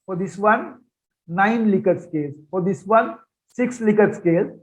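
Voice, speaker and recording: A man with a high voice gives an online research methods lecture over shared slides, speaking unhurriedly on a low-quality recording. His teaching style is conversational, and he repeats points and poses rhetorical questions.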